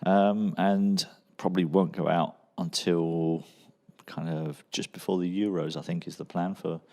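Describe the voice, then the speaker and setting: A man's voice: sits low, steady tone, measured pace, darkish tone. A man co-hosting a podcast, a former footballer, talking in a laid-back, rambling way with plenty of fillers. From England. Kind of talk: casual chat.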